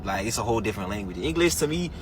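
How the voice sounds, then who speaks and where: A man from Nigeria, telling a story to camera in an animated, slangy and profane way. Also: lowish voice, racing, noisy background.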